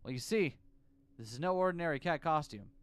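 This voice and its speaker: A man's voice: on the high side, expressive, fairly quick, clean tone, natural voice. A man voicing an insistent, panicky male costume shop clerk who speaks formally and pleads. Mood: anxious explaining.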